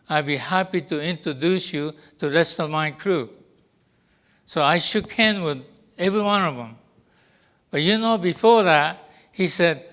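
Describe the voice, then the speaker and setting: Older man, English speaker, storytelling to an audience, smooth resonant voice, fairly high pitch. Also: fairly bright tone. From Japan. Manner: deliberate, acts out quoted dialogue. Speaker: guest speaker.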